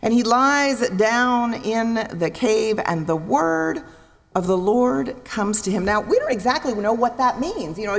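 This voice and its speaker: A woman preaches in a church, her voice rising and falling with a lot of life. She has a fairly high voice, acts out voices and asks the congregation questions. The sound rings with a long reverb in a large hall. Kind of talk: sermon. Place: church sanctuary.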